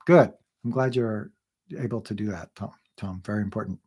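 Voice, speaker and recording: His voice is on the low side, and he speaks at a moderate pace. He's a man in his thirties co-hosting a laid-back livestream, welcoming viewers, reading out their comments, and laughing frequently.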